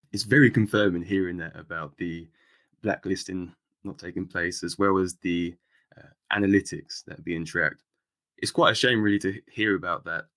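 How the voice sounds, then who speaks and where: Deep-voiced male podcast host. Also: fairly bright tone. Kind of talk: casual interview question.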